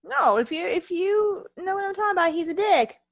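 A woman's voice: very high-pitched, animated, brisk, no echo. A tired, ill woman co-hosting a casual wrestling podcast, ranting heatedly and swearing a lot. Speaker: podcast co-host.

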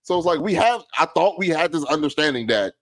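A man's voice: fairly high pitch, fairly quick, no echo. A man co-hosting a casual sports podcast, telling stories with lots of laughter and acted-out quotes. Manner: animated, laughs often, acts out quotes. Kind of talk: casual chat, storytelling.

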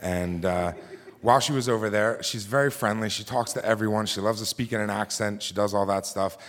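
Low-voiced man telling a live story. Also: a little fast, a bit bright. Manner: conversational with frequent fillers and restarts. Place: theater stage before a live audience.

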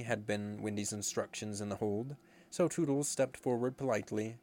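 A man reading a storybook aloud in a measured, expressive way. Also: on the low side, slight background noise. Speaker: narrator.

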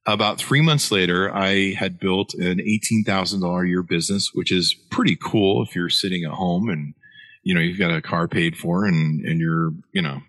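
A man's voice: low-pitched, normal speed, a bit bright, no echo. A middle-aged man, an author guest, telling a long story in an interview with many fillers and restarts.

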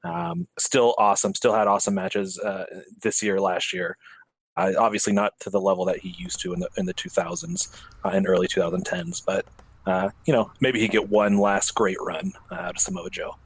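A man's voice: fairly low pitch, big pitch swings, a little fast, gravelly. A man on a casual podcast over a voice call, earnest and hesitant, with many fillers. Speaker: podcast panelist.

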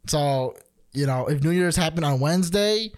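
A man's voice: on the high side, animated, moderate pace, no room sound. A man co-hosting a podcast in casual banter, playful and mock-offended. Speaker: podcast co-host.

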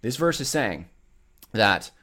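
A man's voice: mid-range voice, sing-song, slow, sharp tone. A man hosting his own show, talking straight to his listeners in a casual, rambling way with many restarts and fillers. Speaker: show host. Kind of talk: casual commentary monologue.

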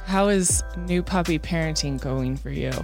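A woman co-hosting a podcast in casual chat, playful and quick to laugh. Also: low-pitched, a little mellow, soft background music. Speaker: podcast co-host.

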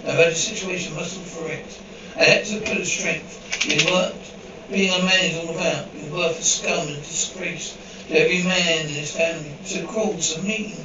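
Man, script reader, reads cues and dialogue the same, higher voice, roomy echo, faint hiss. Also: fairly even intonation, moderate pace, few pauses, far from the mic, muffled recording. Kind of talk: reading an episode script aloud, cues included.

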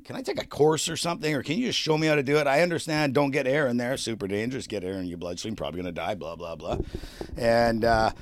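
A man's voice: mid-range voice, fast talker. A man telling a long personal story on a podcast in casual, profane chat, laughing often. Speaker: podcast co-host.

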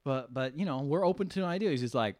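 A man's voice: mid-range voice, animated, a little fast, very noisy. A man co-hosting a casual podcast, recapping a film and acting out the characters' lines, swearing freely. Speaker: podcast co-host. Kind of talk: casual movie recap chat.

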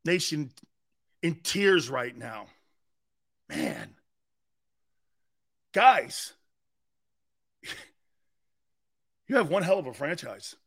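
Sports talk host, male, excitable and emphatic, bright sharp voice. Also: drawn-out words, pauses often, slightly rough. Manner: excitable, emphatic, swings between shouting and low asides. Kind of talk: animated sports talk monologue.

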